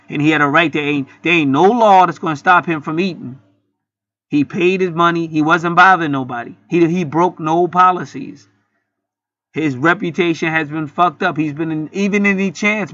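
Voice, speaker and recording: A man with a sharp, bright voice delivers an indignant, profane vlog rant. The sound is dry and close, with a dull, lo-fi tone. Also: fairly high pitch, no echo. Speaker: channel host. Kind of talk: heated commentary vlog.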